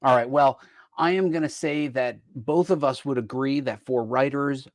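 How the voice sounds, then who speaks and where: Male show host, playful and chatty, dry close mic, mid-pitched voice. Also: moderate pace, dry recording. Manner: upbeat, playful, frequent fillers. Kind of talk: casual chat about gifts.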